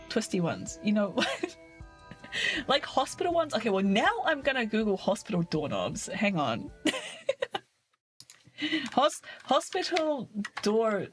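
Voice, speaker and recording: A young woman from New Zealand with a New Zealand accent, a giggly streamer chatting casually with her viewers from her desk. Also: on the high side. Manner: giggly, chatty, laughs constantly. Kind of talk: casual chat with livestream viewers.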